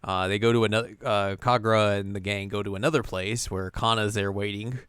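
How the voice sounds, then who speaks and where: Podcast co-host, man, low and smooth, casual recapper who drops into quick character voices. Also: fairly even intonation, fairly bright tone, no echo, clean studio sound. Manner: retells scenes with quick put-on character lines. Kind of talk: casual episode recap chat.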